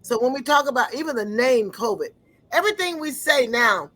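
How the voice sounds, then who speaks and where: A woman giving an earnest personal testimony, often pausing to search for words. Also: a little high, animated, fairly bright tone, rough recording.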